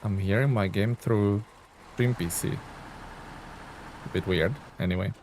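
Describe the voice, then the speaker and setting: While playing a truck game on a live stream, a man chats casually with viewers, greeting and thanking them. His lowish voice is slow and a little mellow, with slight background noise behind it.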